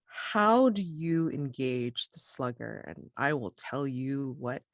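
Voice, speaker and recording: A woman game master with a low voice narrates the scene at an unhurried pace. Her pitch rises and falls a lot as she describes, and the recording is dry and close. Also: expressive, creaky, dry recording. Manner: descriptive, slow and measured narration.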